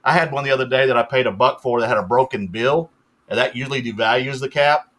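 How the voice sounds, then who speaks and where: Bright-voiced older man chatting. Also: medium pitch, quick pace. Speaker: guest reseller. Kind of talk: casual livestream chat.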